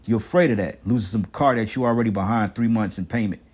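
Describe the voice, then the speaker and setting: A man's voice: on the low side, fast, a little mellow. A man delivering an angry, profane preaching rant, repeating himself and tagging lines with "man". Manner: heated, repetitive, swearing, ends lines with "man".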